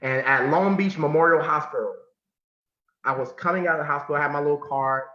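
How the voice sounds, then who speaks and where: A man from California giving a motivational talk, telling a personal story with emphasis and sudden drops to a hush. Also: on the high side, fast talker. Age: adult. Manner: emphatic, swinging from loud to hushed, repeats phrases. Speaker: motivational speaker. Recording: muffled sound in an echoey room.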